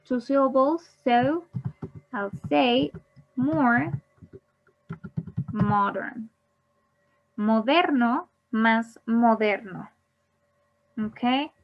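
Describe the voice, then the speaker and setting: Very slow, patient woman teacher. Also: on the high side, highs cut off. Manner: repeats each word, then gives the Spanish. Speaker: English teacher. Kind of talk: slow bilingual grammar lesson.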